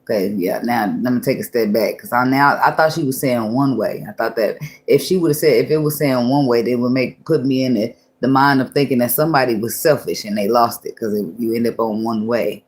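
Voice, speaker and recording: Speaking in an extremely low, slightly mellow voice at a somewhat quick clip, a woman tarot reader gives a casual reading. She talks loosely and thinks aloud, laughing a lot, swearing freely, and often restarting her thoughts as she muses.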